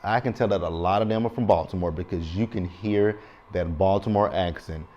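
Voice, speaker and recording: A man's voice: sits low, a little fast, darkish tone, dull audio. A man in his thirties with a Southern US accent, rambling casually and informally through a TV episode recap. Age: 30s. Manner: chatty, rambling, informal with slang. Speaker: TV show recap vlogger. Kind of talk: casual show review.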